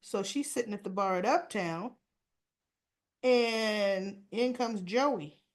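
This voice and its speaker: A woman giving a chatty, casual recap of a TV soap episode, often clearing her throat. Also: mid-range voice, slow pace. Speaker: soap opera reviewer.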